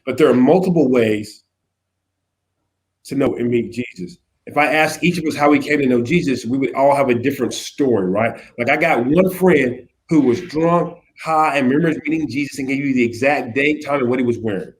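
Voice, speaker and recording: A man speaking as a youth pastor guest in a casual conversation, animated, acting out little quotes and often checking in with "right?". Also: mid-range voice, normal speed. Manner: animated, acts out quotes, keeps asking "right?".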